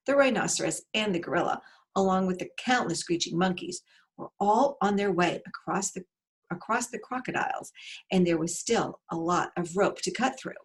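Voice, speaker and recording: A woman narrating a children's storybook aloud in an expressive, unhurried way. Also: on the low side.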